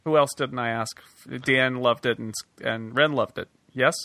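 A man's voice: mid-range voice, steady tone, moderate pace, bright, forceful tone, no room sound. A man hosting a podcast, chatting casually over a voice call and trailing off with fillers. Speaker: podcast host. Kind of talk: casual chat. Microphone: computer mic on a voice call.

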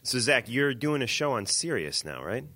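A man co-hosting an interview, asking brisk, direct questions. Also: medium pitch, sing-song, sharp tone. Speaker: interview co-host.

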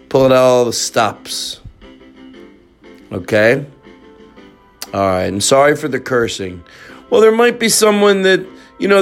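A man hosting his own show, rambling and cursing in loose comedic banter, now and then singing off-key. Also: on the high side. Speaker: show host.

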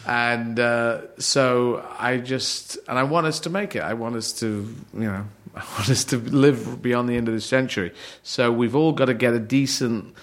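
A man born in Yemen talks in a rambling, animated way, tripping over restarts as he goes. He often jumps into raised voices to act out other people. His pitch sits in an ordinary middle range. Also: normal speed, few pauses. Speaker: comedian. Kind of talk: casual chat.

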